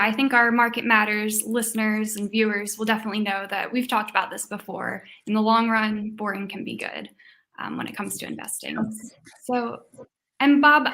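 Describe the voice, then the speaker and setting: A woman hosting an investing show, steering the interview with measured questions. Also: medium pitch, sharp tone. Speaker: show host.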